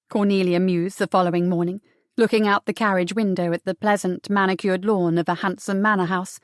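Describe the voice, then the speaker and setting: Casting: woman audiobook narrator, measured and expressive, mid pitch, dry close recording. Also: dry recording.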